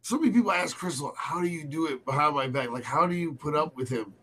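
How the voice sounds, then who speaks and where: A man hosting a radio show, chatting casually and telling a story in an animated, joking way. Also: a little high, quick pace, heavy background noise. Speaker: radio host.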